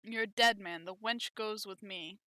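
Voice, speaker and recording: A woman's voice: mid-range voice, measured pace, bright, forceful tone, dry recording. A woman reading aloud as a cruel, mocking male villain general who rides a dragon. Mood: taunting. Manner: mocking, taunting.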